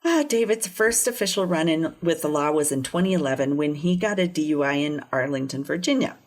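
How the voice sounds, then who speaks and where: A woman's voice: low voice, lively intonation, brisk. A woman co-hosting a podcast, telling a true crime case in a casual way and laughing often. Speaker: podcast co-host.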